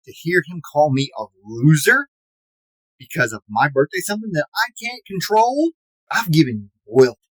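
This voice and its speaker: A man's voice: fairly high pitch, sing-song, normal speed, fairly bright tone, no echo, rough recording. A man in his forties delivering a mock-serious, self-pitying comedic rant as an aggrieved podcast fan, stretching words for dramatic emphasis. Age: 40s.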